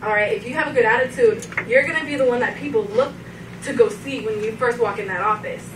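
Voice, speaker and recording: A young woman giving an emotional farewell speech to her trainee group, laughing often and animated. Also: on the high side, quick pace. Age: young adult. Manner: laughing often, animated, breaks into quoted voices. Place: large meeting room. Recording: echoey room from far off, noisy.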